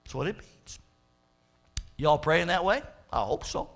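A man's voice: a little high, very animated, measured pace, fairly bright tone. A male pastor preaching a fervent sermon, stretching out his quotes of scripture for emphasis.

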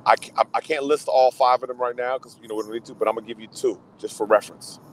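A male radio host in loose, casual chat about films. He talks in a voice of middling pitch, gets excitable, repeats words and drops thoughts halfway. A faint hiss sits under him. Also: fast, rough recording. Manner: excitable, repeats himself, trails off mid-thought.

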